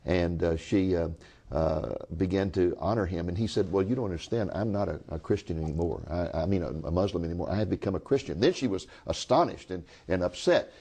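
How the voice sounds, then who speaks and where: A man's voice: low-pitched, fairly quick, mellow, slightly rough. A man hosting a TV interview program, telling stories and speaking directly to viewers in a folksy way. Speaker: TV host.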